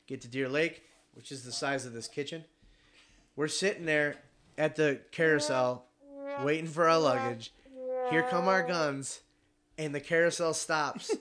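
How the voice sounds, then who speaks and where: A young man casually telling a travel story, animated, swearing and acting out the other people in it. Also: medium pitch. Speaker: podcast regular telling a story.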